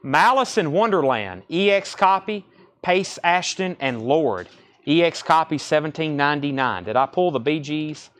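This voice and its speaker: A man selling records on a live stream from a record store, briskly repeating titles, condition grades and prices. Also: a little high, lively intonation, fairly bright tone. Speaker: record store livestream seller. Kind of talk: live sales patter.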